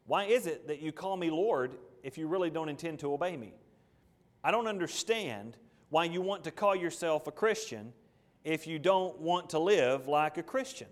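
A man preaching a sermon with passion, firing off rhetorical questions and swinging between loud and hushed. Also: a little high, expressive, moderate pace, big-room sound.

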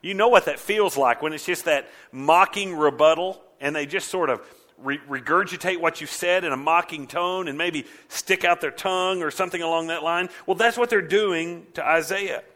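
A man preaching a sermon as a pastor, animated, sometimes mimicking mocking voices. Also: on the high side, normal speed.

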